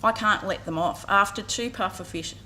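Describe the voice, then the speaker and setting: A woman's voice: mid-range voice, normal speed, bright, forceful tone, a little hiss or hum. An Australian woman in her forties giving an earnest public talk at a community campaign launch, telling a story to an audience. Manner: earnest storytelling, acts out voices briefly. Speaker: community vet care speaker. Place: outdoor event with audience.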